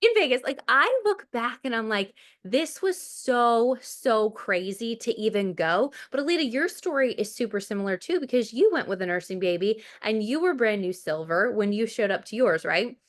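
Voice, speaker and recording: A woman co-hosting a casual team call, telling stories in a lively way with bits of laughter. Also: fairly high pitch, a little fast, few pauses. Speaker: co-host, direct sales leader.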